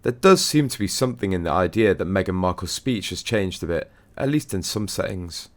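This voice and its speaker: Deep-voiced man reading the news. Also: expressive, a little fast. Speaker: news narrator. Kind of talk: scripted news narration.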